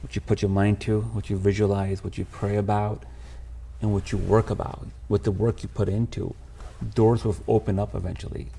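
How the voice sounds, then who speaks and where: A man, speaking in a fairly low voice. He tells his story to a podcast host with raw, candid emotion, dropping "bro" and "man" as he goes. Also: little pitch movement, moderate pace, gravelly, dark tone, slight background noise. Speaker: podcast guest. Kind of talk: casual storytelling interview.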